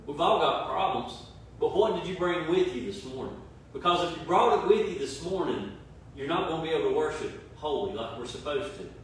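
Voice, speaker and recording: A man's voice: fairly high pitch, animated, brisk. Emphatic male preacher in an echoey room. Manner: emphatic, repetitive preaching with rhetorical questions. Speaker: pastor. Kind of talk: sermon. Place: church service streamed online. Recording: very echoey room, mic at a distance, faint room noise.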